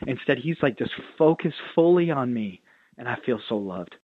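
A man's voice: medium pitch, lively intonation, moderate pace, slightly rough, dry recording. A man, a pastor and author, telling stories earnestly as a radio interview guest. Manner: earnest storytelling, acts out quotes. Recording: tinny phone line, dry.

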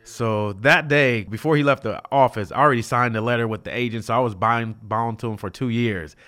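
A man in his fifties from California recounts his playing days as an interview guest in a mid-pitched voice. He talks in a lively way, lifting his pitch and volume sharply whenever he acts out someone else's words. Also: fairly quick. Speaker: guest, former pro football player. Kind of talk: storytelling in an interview.

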